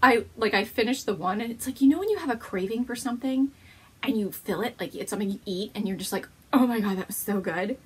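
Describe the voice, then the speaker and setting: A woman's voice: fairly high pitch, animated, fast, fairly bright tone, husky. A woman hosting a knitting podcast, chatting casually at home to the camera, bubbly and gushing, laughing often.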